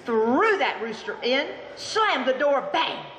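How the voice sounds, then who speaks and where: A woman storyteller telling a folk tale live, animated and theatrical, inviting the audience to join in. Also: medium pitch, moderate pace. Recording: roomy hall with long echo, faint room noise.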